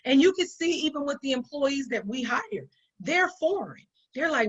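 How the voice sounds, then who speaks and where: A woman's voice: high voice, sing-song, normal speed, a bit bright. A woman business owner giving conversational business advice in an emphatic way, often repeating her points for stress. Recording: dull lo-fi sound.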